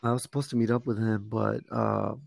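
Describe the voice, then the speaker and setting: A man's voice: on the low side, little pitch movement, brisk, vocal fry, dry recording. A man, a former Marine, rambling through a profane war story in casual chat, full of fillers and restarts. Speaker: Marine veteran telling stories.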